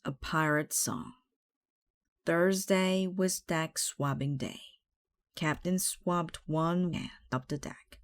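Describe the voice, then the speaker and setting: A woman with a low voice reads a children's picture book aloud at a slow, careful pace. Her voice is close and dry, with no room echo. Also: steady tone. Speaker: storybook reader.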